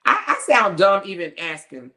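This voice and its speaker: A woman's voice: mid-range voice, big pitch swings, normal speed, pushed and bright. Sassy, cussing woman commentator. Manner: sassy, profane, mocking, laughs often. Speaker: commentary host. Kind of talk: casual commentary talk.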